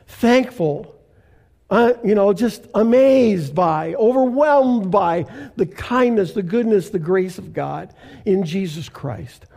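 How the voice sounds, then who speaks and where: An older man from Canada, a pastor preaching a sermon in a slow, deliberate way with emphatic pauses. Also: high voice, creaky, a little mellow.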